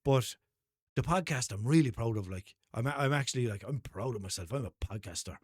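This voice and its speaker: A man's voice: medium pitch, expressive, a little fast, darkish tone, no echo, studio quality. Sweary Irish man rambling on his podcast. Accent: Limerick Irish. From Ireland. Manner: rambling, sweary, self-mocking storytelling with put-on voices. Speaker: podcast host. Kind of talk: casual solo podcast monologue.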